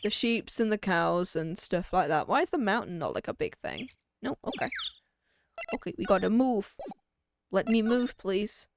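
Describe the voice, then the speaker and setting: A woman's voice: medium pitch, sing-song, moderate pace, gravelly, background noise. A young British woman in her twenties, streaming a game, chatting casually and reading its dialogue aloud in voices. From Britain. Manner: chatty, joking, reads game lines in voices.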